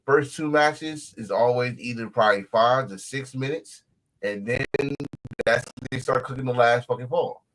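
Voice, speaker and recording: A man co-hosting a casual wrestling podcast, animated and profane, breaking into shouts and laughs. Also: mid-range voice, normal speed, low-quality recording. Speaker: podcast co-host.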